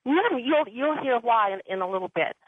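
A woman's voice: fairly high pitch, animated, normal speed, no echo. Female caller, chatty storyteller, thin phone-line sound, dry. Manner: chatty, rambling, laughs often. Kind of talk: telling a personal story on a call-in show. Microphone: telephone.

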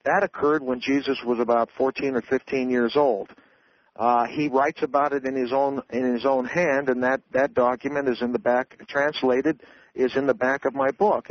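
A man's voice: mid-range voice, no echo. An author speaks as a guest in a radio interview. He lays out his claims in an earnest, lecturing way, with many fillers and restarts. The sound is dry and a little dull, like old radio.

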